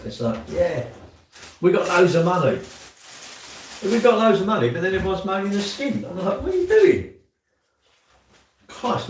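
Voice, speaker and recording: Medium in pitch, this male livestreamer chatters casually from his home kitchen, muttering to himself as he does chores. A distant phone mic picks him up in the echoey room, with slight background noise.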